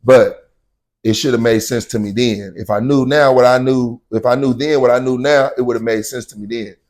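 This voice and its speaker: Here a man recounts something that happened to him, relaxed and heavy on slang, with frequent "you know what I'm saying" and loud performances of shouted lines. His mid-range voice stays fairly even and moves at a moderate pace.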